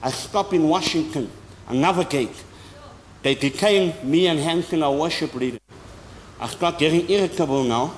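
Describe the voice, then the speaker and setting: A man preaching a sermon as an apostle, with sudden loud high bursts and slow emphatic phrases. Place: large church hall. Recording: long hall reverb, faint noise.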